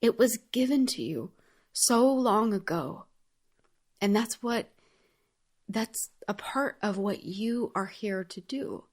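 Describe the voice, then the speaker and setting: A woman hosts her own podcast, sharing a personal story in an earnest, heartfelt monologue that's chatty and full of casual fillers. She has a mid-range voice with lively intonation and takes her time speaking.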